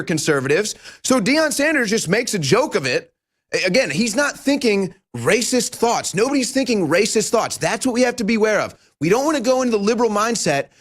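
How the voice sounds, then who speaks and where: A man hosting a studio talk show, delivering an animated political commentary monologue with emphatic rhetorical questions. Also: very high-pitched, normal speed. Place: broadcast studio.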